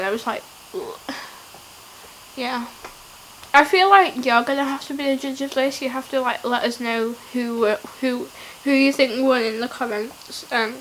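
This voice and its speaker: Young female vlogger, playful and self-mocking, high voice, takes her time. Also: a bit bright, a little hiss or hum, low-quality recording. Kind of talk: casual challenge vlog.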